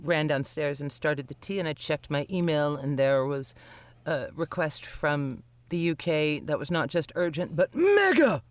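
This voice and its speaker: A man co-hosting a podcast in casual chat, with a husky morning voice and a wry, rambling way of talking. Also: a little high, sing-song, unhurried, few pauses, dry recording. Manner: wry, rambling, laughs often. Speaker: podcast co-host.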